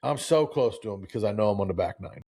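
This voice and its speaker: A man's voice: on the low side, fast talker, slightly rough. Fired-up preachy man in his forties. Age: 40s. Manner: preachy, animated, lots of restarts and acted-out quotes. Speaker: show host. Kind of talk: fired-up live talk show.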